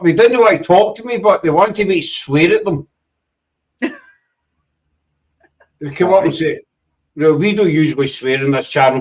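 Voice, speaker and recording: A man's voice: a little high, distant mic, poor audio. A Scottish man in casual chat, telling funny stories with laughter and swearing. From Scotland. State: half deaf. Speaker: paranormal team member guest.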